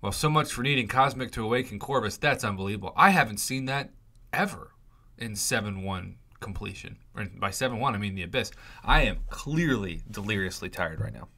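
Fairly low-pitched and talking a little fast, a YouTuber opens mobile game crystals with excitable, mock-dramatic flair, openly begging for good pulls.

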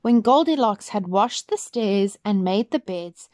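Slow, gentle woman reading to children. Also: mid-range voice, animated. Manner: slow, clear, gentle read-aloud. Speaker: storyteller.

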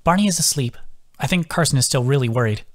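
A man's voice: medium pitch, animated, fast talker, natural voice. A man voicing a cautious young woman healer who speaks firmly and caringly in an audiobook.

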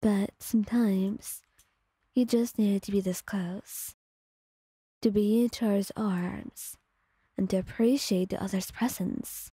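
A woman with a breathy voice telling a calm second-person story in soft ASMR narration, close to the mic. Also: mid-range voice, slow pace, no room sound.

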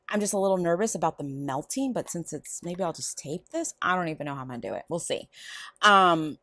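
Haul vlogger, woman, rambling casual delivery, very lively pitch, dry close sound. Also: fast, dry recording. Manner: rambling, chatty, lively ups and downs. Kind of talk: casual chatty haul video. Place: home room.

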